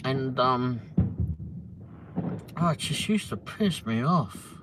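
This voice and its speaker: A man's voice: medium pitch, animated, takes it slowly. Rambling, cursing man on a noisy stream. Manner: rambling, heavy swearing, restarts. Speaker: livestream host. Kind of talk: casual storytelling. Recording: noisy ambience behind voice.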